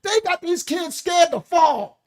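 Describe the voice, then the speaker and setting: A man preaching a fiery sermon, loud and shouting. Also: very high voice, animated, a little slow.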